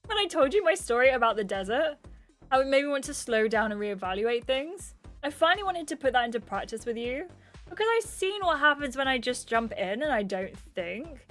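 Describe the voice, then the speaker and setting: A woman reading aloud the lines of a gentle, earnest young male islander in a soft, sincere way. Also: high voice, very animated, a little fast, soft background music. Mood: tender. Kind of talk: reading game dialogue aloud.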